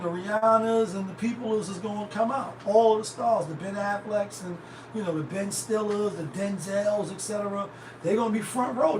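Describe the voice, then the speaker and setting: A man hosting a show, talking in a loose, profane, rambling way. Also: high-pitched. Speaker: host. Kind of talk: casual commentary. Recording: roomy, distant, noisy.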